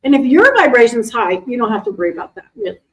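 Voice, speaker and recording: A middle-aged woman, an animal communicator, chatting casually to a live audience and answering questions in a lively, animated way. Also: a little high, fast talker, a little hiss or hum, rough recording. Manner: chatty, animated, acts out quoted voices. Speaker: animal communicator and intuition teacher.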